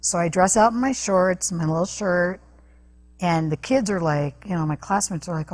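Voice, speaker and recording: A woman with a husky, breathy voice speaks as an interview guest. She tells a personal story earnestly and halts often, restarting her sentences as she goes. Her pitch sits a little low. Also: normal speed, a little mellow. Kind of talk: personal testimony in a talk interview.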